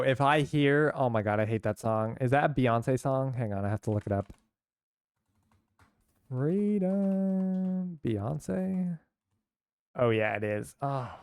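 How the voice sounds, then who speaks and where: Young dude streamer from sf just chatting while he plays, smooth clean voice, dry close mic. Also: medium pitch, no echo. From San Francisco, US. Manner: chatty, rambling, reacts to chat with laughs. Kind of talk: casual live-stream chat while playing.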